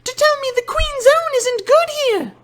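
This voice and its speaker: A man voicing a haughty, prim young British tank girl with an English accent and a posh, whiny falsetto. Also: unhurried, a bit bright. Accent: put-on English. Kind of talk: voicing a game character.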